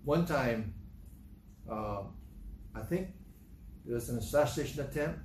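A male pastor preaching a sermon in a church hall, animated and emphatic, repeating his points and acting out quotes. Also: mid-range voice, unhurried. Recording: echoey room with faint noise.

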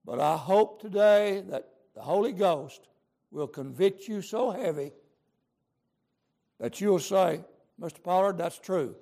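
A fervent preacher delivering a sermon in a high, gravelly voice. He swings widely up and down in pitch, hammering his points with repetition and plain folksy grammar. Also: animated, takes it slowly, pauses often, mellow.

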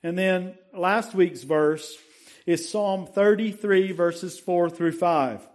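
A man preaching from the pulpit, his voice pitched high and his pace unhurried. He quizzes the room and stretches out key words as he reads scripture aloud. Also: darkish tone. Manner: asks the congregation questions, slow emphatic scripture reading. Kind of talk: sermon.

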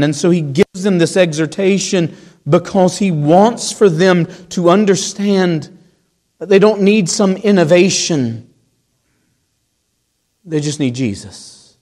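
A man's voice: sits high, a little mellow, long reverb tail. A man preaching a sermon as pastor, emphatic and building his points with rhetorical questions.

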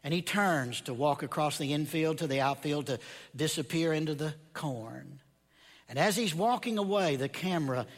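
A male preacher tells a story from the pulpit at an unhurried, deliberate pace. His voice sits a little high, and it sinks to near-whispers for emphasis. Long reverb from a large hall trails after his words. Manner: storytelling, slow and dramatic, dropping to a hush. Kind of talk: sermon.

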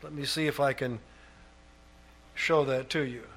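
A man preaching a sermon, reading scripture aloud and lifting his voice on key phrases, then dropping low on asides. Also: fairly even intonation, measured pace, fairly bright tone, a little hiss or hum.

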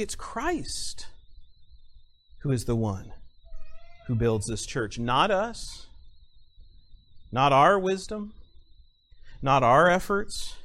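A male pastor preaching a sermon, stressing single words with long pauses and repeating phrases for emphasis. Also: high voice, pushed and bright.

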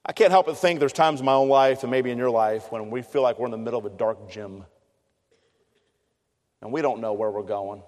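A man's voice: mid-range voice, brisk, a little mellow. A middle-aged man preaching a sermon, telling a story in an earnest, conversational way. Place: chapel. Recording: long hall reverb.

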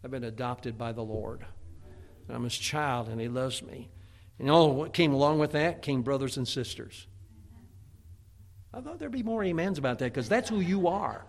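A man's voice: medium pitch, moderate pace, creaky. A middle-aged man preaching a sermon in a folksy way, often restarting with stammered repeats. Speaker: pastor.

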